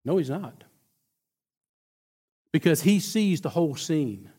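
A man preaches a sermon, his fairly high voice rising into emphatic builds before dropping back down. He tells the story with lively energy and often trips over his words and restarts his sentences. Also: slow pace, breathy edge.

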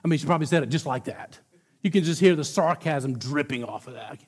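A man's voice: fairly high pitch, lively intonation, a little fast. A man preaching a sermon, telling a story with emphatic builds and frequent restarts.

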